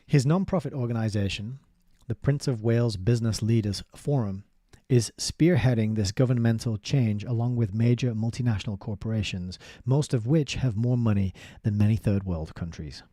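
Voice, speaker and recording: A book reviewer with a lowish male voice reads a book aloud at a moderate pace, breaking off into casual, chatty commentary full of fillers and laughs. The sound is clean studio audio with no echo.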